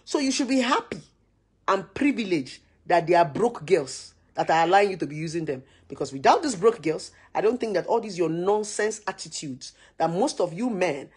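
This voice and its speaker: A woman with a Nigerian accent delivers an opinionated rant straight to camera. Her voice is husky and a little breathy. She hammers her points home with repeated rhetorical questions and a preachy, forceful delivery. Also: fairly low pitch, animated, normal speed. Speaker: social media commentator.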